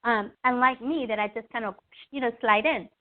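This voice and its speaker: Woman guest, fairly high voice, casual spiritual teaching, animated storytelling with acted-out bits; tinny phone-line sound. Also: fairly quick. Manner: animated, acts out little scenes in quoted voices; repeats "okay?" to check in with the listener. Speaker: podcast guest.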